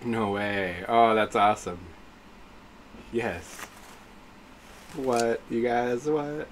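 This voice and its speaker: A man's voice: medium pitch, fairly even intonation, extremely slow, a little hiss or hum. A man streaming live, reacting to announcements with gushing exclamations and greeting his chat viewers.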